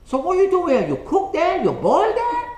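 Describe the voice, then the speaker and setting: A man's voice: very high voice, wildly swooping pitch, normal speed, darkish tone, pitched above the performer's own voice, heavily acted. A man putting on a frustrated middle-aged woman with a Chinese accent, asking the same broken-English question over and over. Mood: baffled. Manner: insistent, repetitive questioning. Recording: roomy echo.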